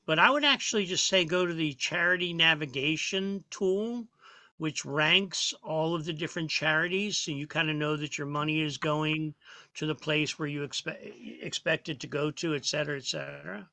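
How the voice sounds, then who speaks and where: A man's voice: fairly high pitch, normal speed, creaky, pushed and bright, dry recording. A man chatting casually and offhandedly as a guest on a comedy show. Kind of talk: casual chat.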